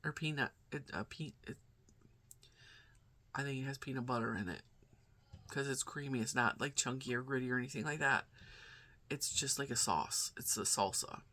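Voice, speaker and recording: A woman's voice: rumbling low, moderate pace, long pauses, sharp tone, breathy edge. A woman in her forties, a crochet vlogger, chatting casually in a rambling, talkative way. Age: 40s. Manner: rambling and chatty, acting out quoted dialogue. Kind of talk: casual chat.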